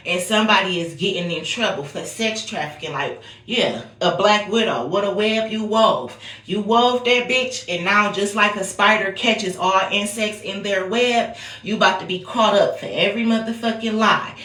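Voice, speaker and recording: A woman's voice: medium pitch, moderate pace, bright, forceful tone, roomy sound. An American woman giving a casual psychic reading, talking bluntly and profanely with a sing-song refrain. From United States. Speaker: psychic reader. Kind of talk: casual intuitive-reading vlog.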